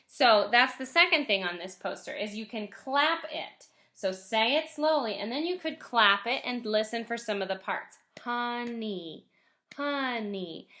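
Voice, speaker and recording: A woman gives a recorded lesson to first graders in a bright, slightly high voice. She speaks gently and encouragingly. She slows down and stretches words out so young children can hear each sound.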